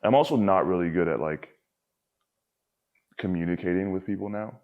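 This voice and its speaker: A young man with a low voice, talking loosely and candidly as a podcast guest. He rambles, leans on filler words and swears casually. The sound is a bit dull and lo-fi. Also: moderate pace.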